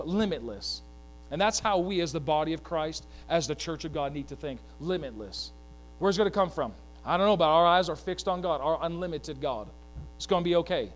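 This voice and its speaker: Preaching with animation, a high-voiced male pastor slips jokes into his sermon and asks the congregation to say lines back to him. Behind his voice, a constant mains hum can be heard.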